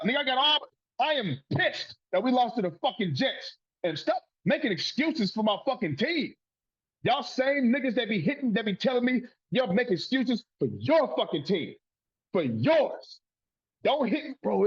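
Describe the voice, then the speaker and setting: A man's voice: extremely high pitch, very animated, normal speed, husky, muffled recording. A man hosting a sports podcast, ranting in a profane, fired-up way. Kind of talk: heated sports rant.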